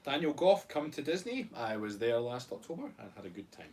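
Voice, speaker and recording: A man's voice: mid-range voice, very animated, brisk, a little mellow, far from the mic. A Scottish man co-hosting a live stream, joking and bantering as he reads out viewer comments. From Scotland. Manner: joking, playful, laughing banter. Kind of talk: casual live-stream chat reading comments.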